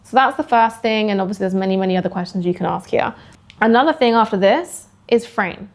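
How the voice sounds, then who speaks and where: A woman's voice: medium pitch, fast talker. A woman sales coach teaching how to run sales calls, acting out bits of call dialogue with a shifting tone.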